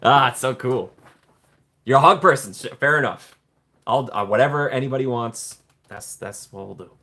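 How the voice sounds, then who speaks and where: A man hosting a casual live stream, chatting warmly with viewers and greeting them by name from the chat. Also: medium pitch, brisk. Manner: playful put-on excited voices when joking. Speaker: livestream host reading chat.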